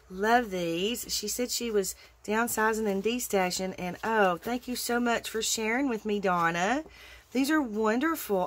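A woman hosting a crafting channel, gushing with delight as she unboxes a happy-mail package. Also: mid-range voice. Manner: gushing, effusive, drawn-out exclamations.

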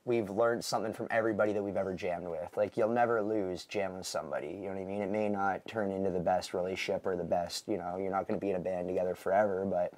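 Deep-voiced rambling band member. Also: male voice, fairly even intonation, fast, hardly any pauses, a little mellow, dry recording. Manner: rambling, filler-heavy, joking. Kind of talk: casual interview chat.

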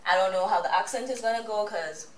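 A woman's voice: medium pitch, fast talker. A young woman hosting a vlog in casual, playful chat, laughing often. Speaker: vlog host. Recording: echoey room, voice from a distance, faint noise.

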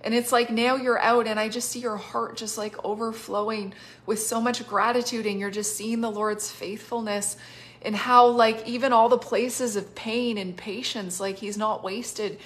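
At a moderate pace, a woman with a somewhat high, steady voice ministers prophetically over a live stream, giving people spontaneous words. She's effusive, laughs often, and uses "like" a lot, despite a cough she's taking syrup for.

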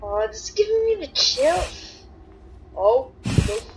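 Woman, high voice, slow drawn-out talk, jumpy horror game commentary, sounds far from the mic. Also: big pitch swings, noisy background. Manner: jumpy, chatty reactions with many exclamations. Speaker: gaming video creator. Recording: distant voice with loud game music.

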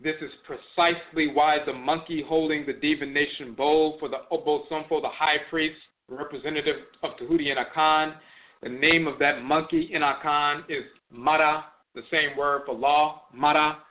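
A man's voice: fairly high pitch, fairly even intonation, normal speed. Man lecturing over tinny phone-like audio. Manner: repeats key terms for emphasis. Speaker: teacher of religion and language. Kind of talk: spoken lecture on religion.

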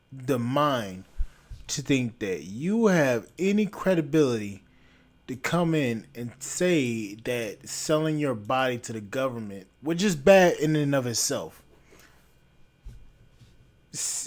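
A man hosting a podcast, delivering a blunt, repetitive, scolding opinion rant. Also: medium pitch. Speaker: podcast host.

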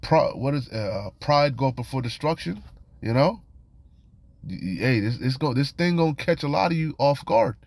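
A man's voice: mid-range voice, lively intonation, normal speed, vocal fry, darkish tone. A man teaching from scripture in a casual, admonishing way, often repeating "you know" and "man". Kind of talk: informal scripture study and warning.

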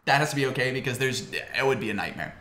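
Bright-voiced joking man in an echoey room. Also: medium pitch, quick pace. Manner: joking, swearing, laughs often. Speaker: podcast co-host. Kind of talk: casual chat. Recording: echoey room, faint background noise.

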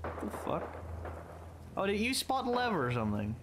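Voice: medium pitch, huge pitch swings, moderate pace, noisy background. A gamer giving casual, playful commentary during a let's play, swearing a lot and taunting the enemies on screen. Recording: game sounds behind voice.

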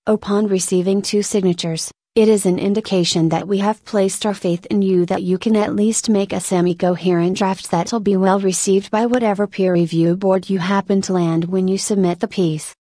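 A woman voicing a composed senior male reviewer who speaks formally and in measured terms, in a spoken story reading. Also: mid-range voice, fairly even intonation, dark tone, no room sound, clean studio sound, natural voice.

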